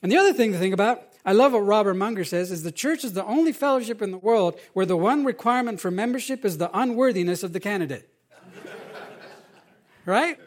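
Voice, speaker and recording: High-voiced man preaching a lively sermon. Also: fairly quick. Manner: animated, conversational preaching with rhetorical questions. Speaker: pastor.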